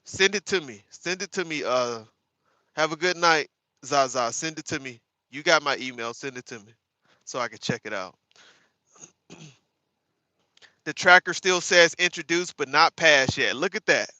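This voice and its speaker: Guy hosting a livestream, bright sharp voice, kinda high, sarcastic, talks to chat like y'all. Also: normal speed, long pauses, no echo. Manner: sarcastic, animated, addresses viewers as y'all. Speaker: livestream host. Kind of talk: casual live chat reading viewer comments.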